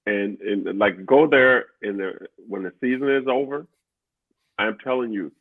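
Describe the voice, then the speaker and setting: A man's voice: on the low side, unhurried, husky, no room sound. A man who is a standup comic, talking in casual chat with an emphatic, repetitive manner. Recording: dry phone-like line.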